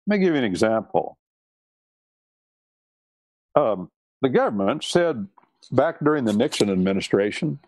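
Man, preacher, emphatic sermon delivery, lively swooping pitch, dry close sound. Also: no echo. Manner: emphatic, repeats key words. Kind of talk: sermon on law and scripture.

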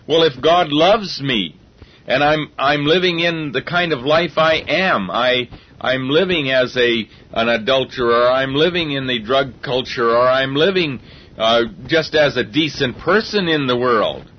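Man, preacher, earnest sermon, husky voice, dull lo-fi recording. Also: mid-range voice, a little slow. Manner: earnest, repeats himself while reasoning.

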